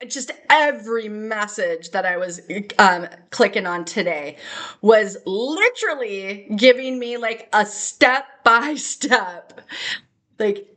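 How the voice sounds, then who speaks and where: A young adult woman talking in an excitable, rambling way in a personal vlog, laughing and tearing up at times. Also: medium pitch, unhurried. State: tearful at times. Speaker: spiritual vlogger.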